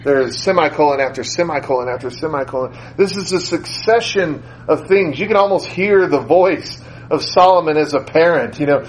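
A man's voice: a little high, animated, normal speed, hardly any pauses, slight background noise, rough recording. A man preaching a sermon in a conversational way, repeating phrases for emphasis. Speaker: school teacher.

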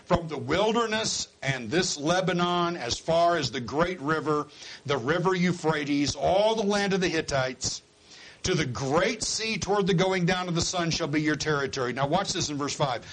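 A man preaching a sermon, swinging from quiet low asides to loud high exhortation and acting out quoted voices. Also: animated, normal speed, rough recording. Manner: acts out quoted voices of listeners and God.

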